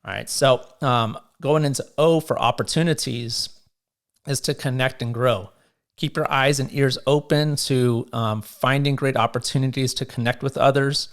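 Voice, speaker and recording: A man's voice: medium pitch, fairly even intonation, moderate pace. Easygoing male podcast host, coaching tone. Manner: casual and encouraging, with frequent ums and uhs. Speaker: podcast host and real estate agent. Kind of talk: solo motivational podcast talk.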